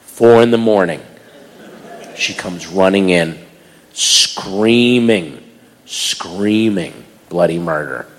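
A man doing stand-up, telling a family story and switching into loud voices for the people in it. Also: low voice, takes it slowly, big-room sound. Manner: animated, breaks into loud voices for others. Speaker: stand-up comedian.

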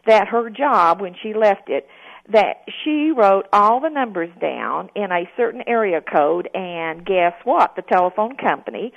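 A woman's voice: medium pitch, lively intonation, unhurried, gravelly, lo-fi sound. A woman calling in to a radio show, chatting in a folksy, joking way. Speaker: caller. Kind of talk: casual phone-in chat.

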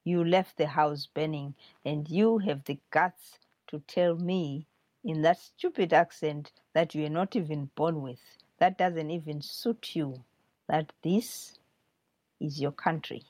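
A woman's voice: deep voice, takes it slowly, darkish tone, no room sound. A woman reading aloud as a fierce young girl who scolds her friend for leaving home. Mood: accusing.

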